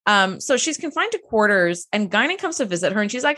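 A woman's voice: mid-range voice, very animated, quick pace, a bit bright. A woman co-hosting a podcast, chatting casually as she recaps a TV episode and acts out lines in character voices. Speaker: podcast co-host.

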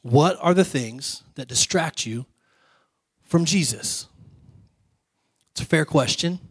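A male pastor giving a conversational sermon, asking the congregation questions and dropping to soft, quiet lines. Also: on the high side, animated, slow, slightly rough, no room sound.

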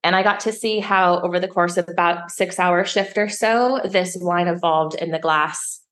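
A woman with a slightly low-pitched voice tells a story in a relaxed interview. She talks in a lively, animated way and bounces her pitch up when she acts out what people said. She sounds like a woman in her thirties. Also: normal speed. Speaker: sommelier and wine educator guest.

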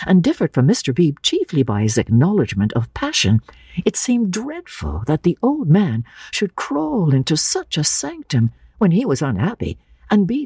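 A woman narrating a classic novel in a measured, expressive dramatic reading. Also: on the low side, breathy edge, no echo, clean studio sound.

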